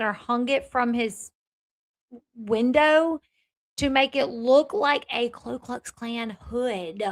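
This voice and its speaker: A woman's voice: sits high, a bit bright. A woman hosting a reaction channel, commenting bluntly and sarcastically on clips she plays.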